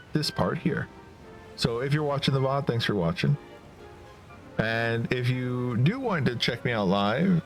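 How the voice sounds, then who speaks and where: Laid-back man streaming a game. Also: medium pitch. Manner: relaxed, reads game dialogue aloud. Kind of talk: casual game stream chat.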